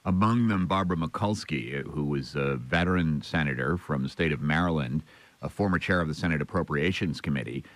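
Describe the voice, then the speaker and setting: A man hosting a radio news program, asking brisk interview questions. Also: extremely low pitch, fairly bright tone.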